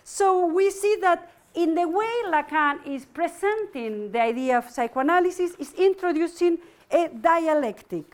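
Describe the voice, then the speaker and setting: Female lecturer, middle-aged, high-pitched voice, hesitant academic delivery full of restarts and fillers.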